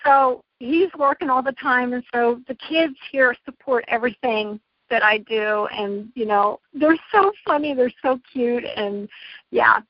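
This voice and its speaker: A middle-aged woman talks as an interview guest, chatty and effusive. Her voice sits high. The line sounds dull and lo-fi, dry with no room sound. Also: unhurried, no echo. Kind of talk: casual interview chat.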